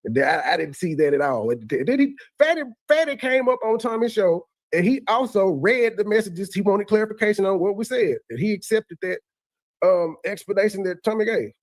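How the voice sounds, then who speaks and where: A man's voice: high voice, expressive, fairly quick, no echo. A man hosting a casual reaction commentary, talking in looping, stammering restarts. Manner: repetitive stammering restarts, conversational. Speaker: commentary host reacting to a replayed clip.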